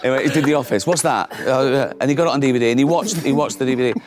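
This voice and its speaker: A man's voice: mid-range voice, racing, noisy background. Man telling stories with a laugh. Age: middle-aged. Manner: anecdotal, mimics others in quoted voices, laughs often. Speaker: comedian guest. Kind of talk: casual storytelling chat.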